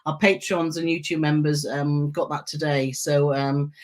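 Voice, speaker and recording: A woman's voice: deep voice, level tone, measured pace. A woman co-hosting a travel live stream, chatting casually and greeting viewers by name as she reads their comments.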